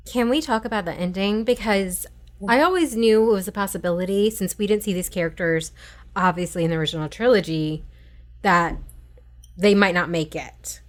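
A woman co-hosting a podcast who chats with enthusiasm. Her voice sits at a medium pitch and sounds casual. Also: moderate pace. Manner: enthusiastic, chatty. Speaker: podcast co-host.

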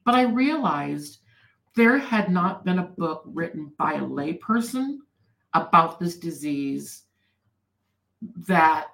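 A woman guest telling her personal story in an interview, earnest and animated. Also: lowish voice, slow pace, creaky, pauses often, roomy sound, poor audio.

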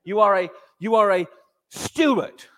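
A middle-aged male preacher with a high, light voice tells a story from the pulpit, often tripping over his words and stopping to laugh. His sermon rings through a hall with a long reverb tail. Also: animated, unhurried, a bit bright. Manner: storytelling, frequent stammered restarts and laughs.

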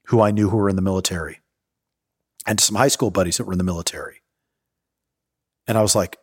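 A man's voice: on the low side, fast talker, long pauses, slightly rough, dry recording. A man in his forties, a podcast host, telling a personal story in a candid, profane way on a close mic. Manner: candid, profane, acts out quoted voices.

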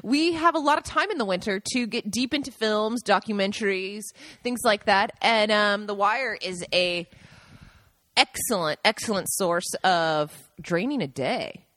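A woman's voice: mid-range voice, unhurried, fairly bright tone, dry recording, studio quality. A woman co-hosting a podcast, chatting casually and laughing often. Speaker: podcast co-host. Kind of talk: casual chat. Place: home in Italy.

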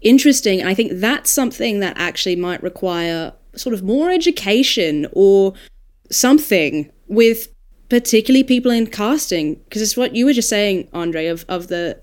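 A woman with an Australian accent, an audiobook narrator talking shop in a casual roundtable discussion, thoughtful and animated when she makes a point. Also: medium pitch, clear, resonant tone.

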